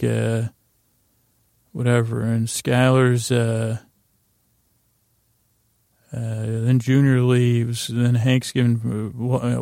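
A man's voice: mid-range voice, gravelly, warm tone, no room sound, clean studio sound. A man hosting a podcast, loosely recapping scenes in a rambling way, full of fillers and restarts as he paraphrases what characters say. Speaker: podcast host. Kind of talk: rambling episode recap for sleep.

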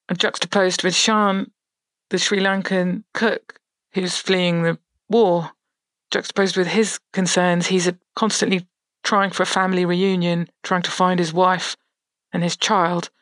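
A man, a novelist, talking through how he wrote his book in a measured, thoughtful way. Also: high-pitched, a bit bright, no echo. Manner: thoughtful, measured, pauses mid-phrase. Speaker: novelist guest. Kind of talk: interview about his novel.

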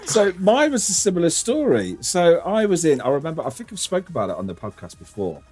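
A man's voice: fairly high pitch, very animated, brisk, a little mellow, faint music behind. A man co-hosting a casual podcast, telling a childhood story with laughs and swearing. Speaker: podcast co-host.

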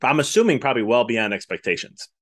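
A man's voice: mid-range voice, very animated, fast talker, fairly bright tone. A man hosting a podcast, talking in an earnest, effusive and rambling way. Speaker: podcast host. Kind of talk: casual interview talk.

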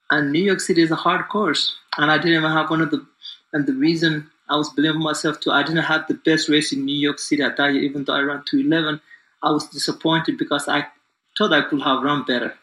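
A confident man in his forties talks about himself in a loose, easygoing flow, circling back with fillers. His voice sits a little high and rings bright and forceful. The room around him is echoey. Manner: confident and upbeat, loose and rambling with many fillers. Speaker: guest, distance runner. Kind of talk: casual interview talk.

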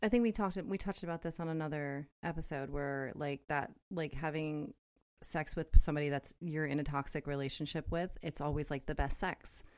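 A young adult woman co-hosting a podcast in relaxed, rambling casual chat, full of filler words. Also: low-pitched, fairly quick. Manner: relaxed, rambling, many "like" and "you know" fillers. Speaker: podcast co-host.

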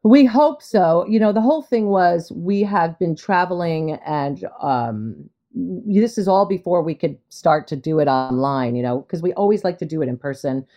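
A woman in her fifties, a guest in casual chat, brassy and playful and quick to laugh. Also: on the low side, expressive, mellow, highs cut off.

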